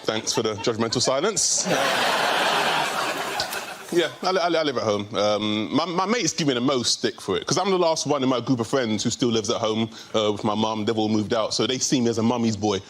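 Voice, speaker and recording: A young man tells a stand-up story in a mid-pitched voice. He talks loosely and conversationally, dropping in slang as he goes. Clear noise sits behind him on stage. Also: fairly quick. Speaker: stand-up comedian. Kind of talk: stand-up routine.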